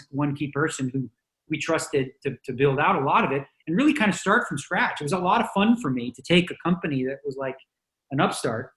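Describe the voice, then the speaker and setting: A man's voice: a little high, a bit bright, roomy sound, rough recording. A man hosting a casual podcast, chatty and joking, talking loosely with plenty of fillers. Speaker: podcast host, poker pro.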